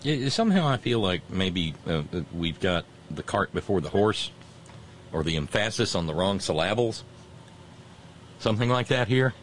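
A man's voice: on the low side, lively intonation, normal speed, a little hiss or hum. A man hosting a talk show, giving sarcastic, mocking commentary and reading out listener messages.

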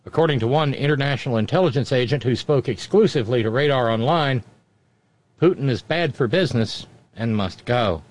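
A man's voice: mid-range voice, lively intonation. A man hosting a commentary show, reading news items and breaking in with sarcastic, mocking asides. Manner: wry, mocking, quick interjections.

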